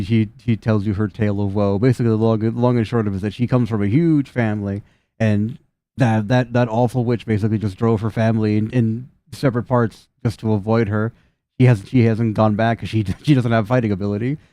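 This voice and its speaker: A man's voice: fairly low pitch, dark tone, no echo. A man narrating a tabletop game as game master, casual, swearing and laughing often.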